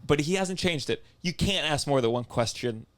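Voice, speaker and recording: A man co-hosting a casual comedy podcast, talking fast and nodding along with quick agreements. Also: a little high, expressive. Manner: quick talk, lots of backchannel agreement. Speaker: podcast co-host.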